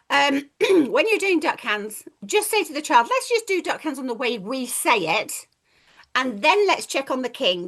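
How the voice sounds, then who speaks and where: A woman's voice: fairly high pitch, a bit bright. A woman, a reading teacher, giving a chatty, playful training talk and acting out children's voices. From England.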